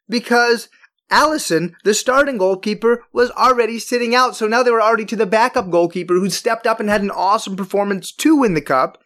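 Emphatic ranting podcast host. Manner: emphatic, ranting, with big jumps in pitch and loudness on stressed words. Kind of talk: opinionated sports podcast monologue.

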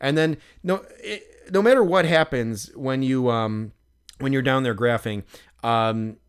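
A young man co-hosting a podcast, telling a story in a casual, animated way with many fillers. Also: a little slow, clean tone. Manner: animated storyteller, acts out others in loud high voices. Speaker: podcast co-host. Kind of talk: casual chat.

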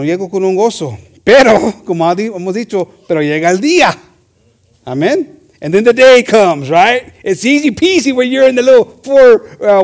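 High-voiced energetic preacher man. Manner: energetic, punctuated with amen. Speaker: preacher on church radio. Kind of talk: bilingual sermon.

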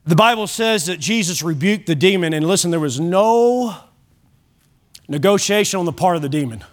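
A male pastor preaching a sermon, swinging from loud exhortation to hushed lines, with conversational asides to the congregation. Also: high-pitched, expressive, moderate pace.

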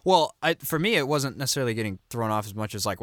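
A man in a casual fan discussion, talking in a hesitant, halting way and often restarting his sentences. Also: medium pitch, lively intonation, a bit bright, dry recording, clean studio sound.

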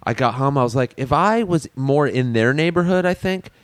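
A man chatting on a podcast, retelling a tense encounter in a quick, excitable way. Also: mid-range voice, dry recording. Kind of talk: casual podcast chat.

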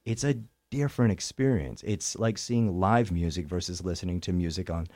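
A man with a Canadian accent, a stage actor chatting in an interview with animated, self-deprecating humor. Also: low voice, moderate pace, no echo. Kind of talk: interview chat.

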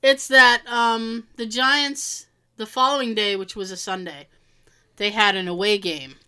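Bright-voiced woman telling animated stories. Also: mid-range voice, unhurried, clear, resonant tone. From Massachusetts, USA. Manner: animated storytelling, acts out quoted people. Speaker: podcast co-host. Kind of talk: casual chat.

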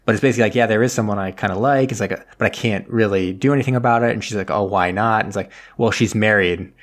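A man's voice: fairly low pitch, very fast. A man in casual chat, rambling through a movie plot and acting out the characters' lines. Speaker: podcast co-host.

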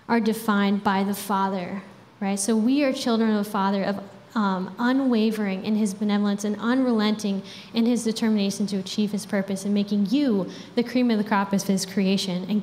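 A woman's voice: medium pitch, a little mellow. A young woman preaching a sermon in a casual, chatty way, with frequent fillers. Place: church hall. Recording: reverberant hall with faint background noise.

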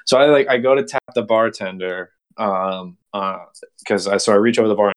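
Podcast host, young man, low voice, animated storyteller who acts out dialogue. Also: normal speed, background noise. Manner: animated, acts out quotes with big pitch jumps. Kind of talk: casual storytelling.

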